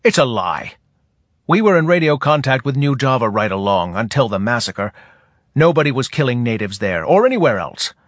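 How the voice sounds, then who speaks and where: A man voicing a resentful human colonial officer with a deep, hoarse voice and savage outbursts. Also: sing-song, normal speed, no echo, clean studio sound. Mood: incredulous. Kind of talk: audiobook character reading.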